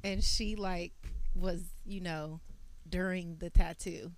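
A woman co-hosting a casual podcast who giggles and reacts fast. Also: fairly low pitch, fairly even intonation, slight background noise, rough recording. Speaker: podcast co-host.

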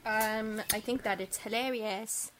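A young woman with a higher voice speaks at a measured pace, and there's a slight hiss or hum. As a podcast co-host in a relaxed conversation, she tells giggly, exaggerated, animated stories.

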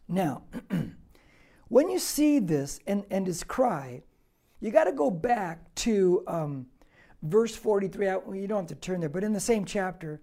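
A man's voice: sits high, creaky, warm tone. A male pastor teaching a Bible passage verse by verse, preaching emphatically with repetition and rhetorical questions.

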